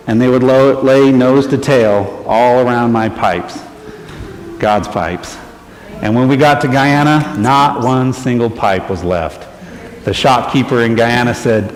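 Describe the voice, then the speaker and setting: A man giving an animated testimony in church, telling a story and acting out the voices of the people in it. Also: mid-range voice, unhurried. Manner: acts out quoted people with lively raised voice, laughs often. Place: church sanctuary. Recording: echoey church hall, faint noise.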